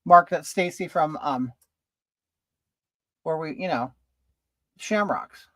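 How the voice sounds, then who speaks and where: A man on the high side takes it slowly, his voice a bit bright, with no room sound. He's hosting a casual home livestream while putting on makeup, chatty as he reads comments aloud and says hi to viewers by name.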